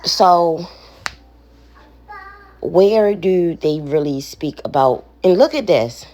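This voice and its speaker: A woman in her thirties talks to the camera as a worried mother, blunt and indignant, with an occasional curse. Her voice sits low and her pace is unhurried. The sound is dry and close, with almost no room around it. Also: animated, warm tone, no echo. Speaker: parent vlogger. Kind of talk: casual vlog, showing a phone.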